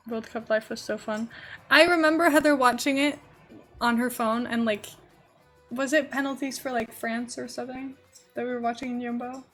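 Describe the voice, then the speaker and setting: Brief: young woman streamer, slightly high voice, chatty and giggly, faint music under her. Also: steady tone, normal speed, pauses often, fairly bright tone. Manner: chatty and giggly, rambling to chat while building. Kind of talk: casual live-stream chat.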